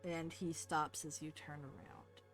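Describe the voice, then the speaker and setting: A woman narrating a tabletop game as game master, relaxed and halting, with many fillers. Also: deep voice, vocal fry, soft background music.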